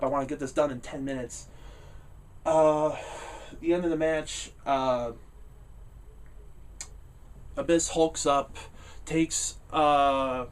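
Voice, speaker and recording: A man's voice: on the high side, far from the mic. Chatty man reviewing wrestling, slightly off-mic. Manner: rambling, many "uh" fillers, laughs easily; gets loud and animated when ranting. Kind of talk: casual spoken review.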